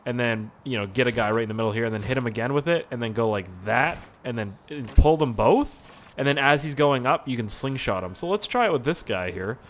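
Lively, swearing young gamer. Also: male voice, medium pitch, a little fast. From Canada. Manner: rambling, swears a lot, yelps and shouts at the game. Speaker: gaming YouTuber. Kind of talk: casual gameplay commentary.

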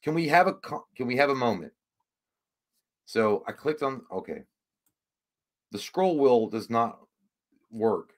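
A man's voice: mid-range voice, lively intonation, a little slow, long pauses. A man hosting a casual livestream, rambling and swearing, easily frustrated. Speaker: livestream host.

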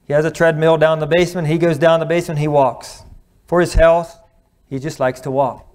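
A middle-aged man preaching a sermon on marriage, earnest, slowing and dropping to a hush at moving points, clearing his throat now and then. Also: fairly high pitch, level tone. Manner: earnest, slows and drops to a hush at emotional points.

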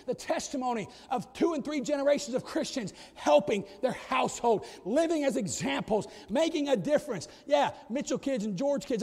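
The sermon comes from a middle-aged pastor at the pulpit, his high, ringing voice bouncing around a spacious church hall. He alternates soft, talky moments with booming, shouted high points.

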